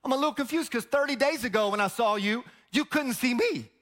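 A man's voice: extremely high pitch, brisk, fairly bright tone. Zacchaeus, a man doing a smug tax collector. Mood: confused. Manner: smug, businesslike, demanding. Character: pushy proud ancient tax collector man.

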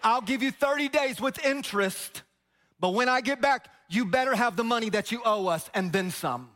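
A pastor voicing a proud, pushy ancient tax collector in a sermon retelling, with a smug, demanding manner. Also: male voice, very high voice, moderate pace, a bit bright.

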